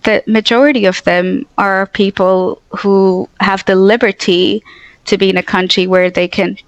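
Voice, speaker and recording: A woman's voice: mid-range voice, fairly even intonation, unhurried, no echo, dull audio. A woman guest in casual conversation, talking animatedly and slipping into quoted asides with "I'm like".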